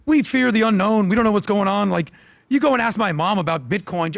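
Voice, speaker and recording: A man debates politics on a podcast panel, emphatic and quick to talk over the others. He fires off rhetorical questions at a fast clip. His voice is high and gravelly, recorded dry and close. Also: dry recording. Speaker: podcast guest.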